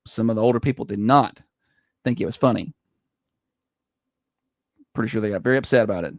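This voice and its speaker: A man's voice: lowish voice, brisk, no echo, studio quality. A man with a Southern American accent co-hosting a morning radio show, chatty and opinionated, rambling with restarts as he banters and reads local ads. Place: radio studio. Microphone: studio microphone.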